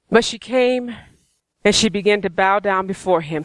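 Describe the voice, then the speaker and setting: A man preaching a sermon with fervent, repeated exhortations that at times sink into a low, intense prayerful murmur. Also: normal speed, a bit bright, no echo.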